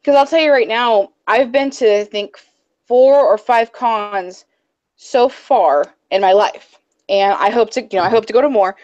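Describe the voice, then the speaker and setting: A woman co-hosting a casual chat show, excitable and rambling, gushing like a fangirl. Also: fairly high pitch, unhurried, muffled recording. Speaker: podcast co-host.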